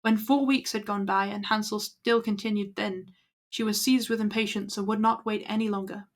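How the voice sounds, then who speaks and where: A woman's voice: medium pitch, steady tone, normal speed. A woman reading old fairy tales aloud to her stream at an easy pace, with small slips. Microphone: laptop built-in mic.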